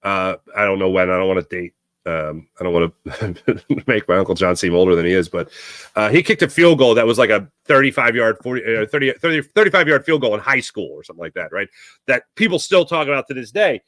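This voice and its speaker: A man's voice: fairly low pitch, animated, quick pace, a bit bright, no room sound, clean studio sound. A man with a Philadelphia accent hosting a sports talk show, chatting casually and rambling as he corrects himself mid-story. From Philadelphia area, USA. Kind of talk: casual chat, answering live chat.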